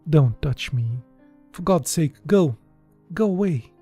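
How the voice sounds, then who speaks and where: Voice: mid-range voice, lively intonation, takes it slowly, dark tone, husky, soft background music. A reader voicing a heartbroken young widow. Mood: anguished. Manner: pleading, tearful outbursts. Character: grieving young woman, bitter and heartbroken. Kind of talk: audiobook dialogue.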